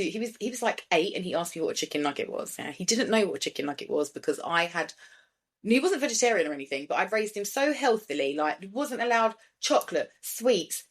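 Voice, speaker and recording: A woman in her thirties hosting a podcast, chatting in a blunt, sweary, animated way and laughing often. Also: mid-range voice, quick pace. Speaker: podcast host. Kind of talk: casual chat.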